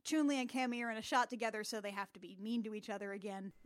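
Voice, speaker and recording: A woman hosting a casual comedic podcast, recapping a film as an animated storyteller who laughs often. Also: a little high, fast.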